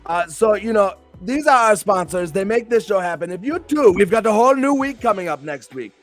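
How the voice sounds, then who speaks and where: A man's voice: sits high, animated, a little fast, faint music behind. A male host and pro wrestler chatting on a live stream show in a hyped, rambling, playful way.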